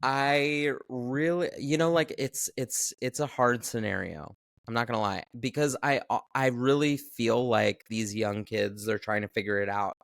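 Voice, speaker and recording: Male podcast co-host, mid-pitched, unhurried and hesitant, dry recording. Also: steady tone, vocal fry, dry recording. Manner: thoughtful, hesitant, restarts often. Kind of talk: casual chat recapping a film.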